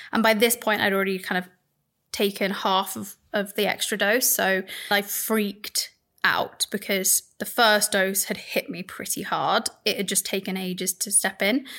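A woman's voice: medium pitch, sharp tone. Woman, podcast host, personal storytelling, candid, chatty, laughs as she talks.

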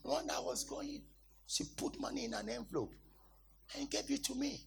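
A man's voice: very high voice, lively intonation, moderate pace, gravelly, a little hiss or hum. A man preaching, telling a story in a dramatic, exclaiming manner. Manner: laughing, exclaiming, dramatic retelling. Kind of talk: animated sermon storytelling.

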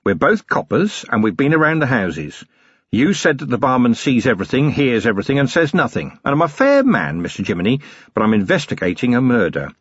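A stern middle-aged police commander, voiced by a male narrator, quietly menacing and dryly ironic, his husky voice rising and falling with lively emphasis. It is an audiobook read on a close, dry mic, and the recording sounds slightly dull and lo-fi. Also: mid-range voice, brisk, no room sound. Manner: quietly threatening, clipped and ironic. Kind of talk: audiobook character reading.

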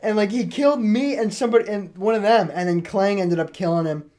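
A man co-hosting a casual chat, telling gaming stories and acting out quotes with big jumps in pitch. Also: a little fast, warm tone. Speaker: podcast co-host.

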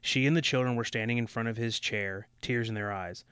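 Brief: snarky male podcast reader, mid pitch, close and dry. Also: fairly quick, a bit bright, clean tone, no echo. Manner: sarcastic, swears freely. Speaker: podcast co-host reading a book aloud. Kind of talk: casual reading with snarky asides.

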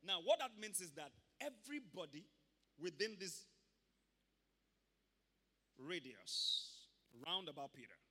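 A man preaching a sermon emphatically, with loud bursts. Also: high-pitched, sing-song, measured pace, long pauses, slightly rough. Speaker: pastor. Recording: long hall reverb.

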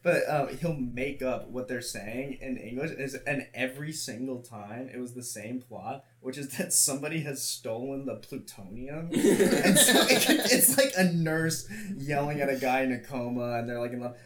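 A man's voice: mid-range voice, moderate pace, hardly any pauses. A man hosting a podcast, telling stories in a rambling, laughing way. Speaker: podcast host. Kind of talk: casual chat.

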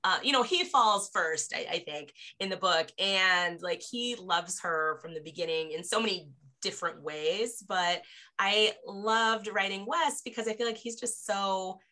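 A woman's voice: medium pitch, measured pace, sharp tone. A woman author talking casually on a podcast about her book, chatty with frequent fillers and laughs. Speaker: author guest.

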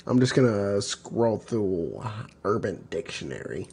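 A man's voice: fairly low pitch, very animated, measured pace, gravelly, dark tone, husky. A man hosting a casual chat podcast, joking, swearing and mocking himself as he reads posts aloud. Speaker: podcast host.

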